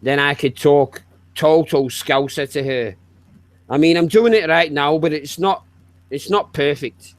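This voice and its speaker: A high-pitched man with a Yorkshire accent trades jokes in casual chat, swearing freely and spinning exaggerated northern yarns. The sound is dry and close. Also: a little slow, no room sound. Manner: jokey, swearing, mock-northern storytelling.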